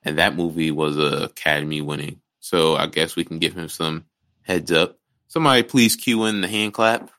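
A low-pitched man co-hosts a laid-back movie podcast, his voice bright and forceful. He rambles, restarts his sentences and swears freely as he gives his opinions. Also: steady tone, normal speed. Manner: rambling, restarts a lot, blunt and profane. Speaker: podcast co-host. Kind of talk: casual movie chat.

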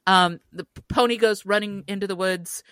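A woman telling a childhood story on a podcast in an animated way, often laughing as she talks. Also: mid-range voice, normal speed, clean tone, no echo. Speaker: podcast guest. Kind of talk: casual storytelling.

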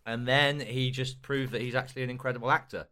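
A man talking in a fast, easy rush of casual chat. His pitch sits in the middle, and he swears freely as he rattles along. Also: steady tone, bright, forceful tone.

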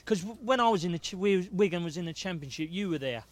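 A man with a London accent, a former footballer chatting casually, chummy and teasing and quick to laugh. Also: sits high, lively intonation, no echo. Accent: London English. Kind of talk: casual chat.

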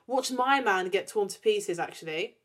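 A young woman co-hosting a podcast, chatting casually and acting out scenes with big jumps in pitch. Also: expressive, normal speed, a bit bright. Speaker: podcast co-host. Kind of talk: casual chat.

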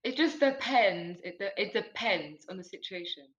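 A woman's voice: mid-range voice, lively intonation, moderate pace, fairly bright tone. A young woman speaking as a guest on a casual podcast, hesitant and careful in her words. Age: young adult. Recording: roomy, dull-sounding recording.

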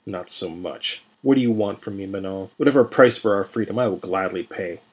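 A man voicing a desperate male prisoner who shouts and pleads in a raised voice. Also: low voice, a little fast, breathy edge. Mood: wary.

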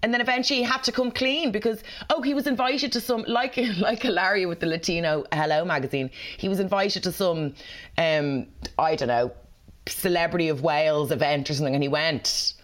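A woman's voice: lowish voice, a little fast. A woman co-hosting a podcast, telling gossipy stories in casual chat. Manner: chatty, gossipy storytelling. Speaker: podcast co-host.

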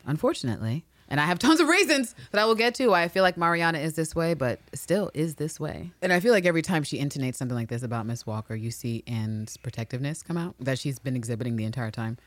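A woman with a low voice talks in a casual podcast recap chat. Her pitch swings widely as she gets animated and acts out quotes in other voices. She swears freely, and the sound is dry and close. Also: quick pace, few pauses, dry recording. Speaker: podcast co-host.

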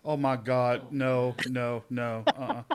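A man's voice: mid-range voice, level tone, takes it slowly, clear, resonant tone. A middle-aged man co-hosting a podcast in casual chat, a chatty storyteller who laughs often. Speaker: podcast co-host.

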